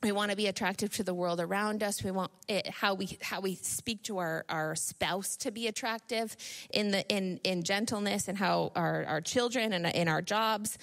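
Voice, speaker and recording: A woman's voice: medium pitch, gravelly. A woman in her thirties from Northern New York giving an informal, chatty sermon full of personal stories, laughing often and restarting her sentences. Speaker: speaker at a church gathering.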